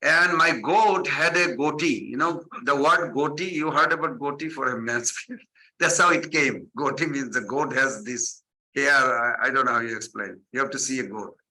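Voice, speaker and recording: Bright-voiced man giving a devotional talk. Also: medium pitch, moderate pace, poor audio. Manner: animated storytelling, acting out quotes, repetitive phrasing. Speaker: spiritual teacher. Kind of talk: devotional sermon with stories.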